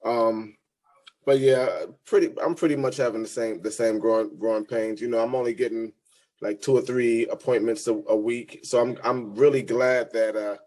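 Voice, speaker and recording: A man, a new sales agent, talking on a video call from an office, halting and restarting as he speaks. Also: medium pitch, fairly even intonation, a little mellow, rough recording. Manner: halting, restarts often with fillers. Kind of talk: casual talk on a video call.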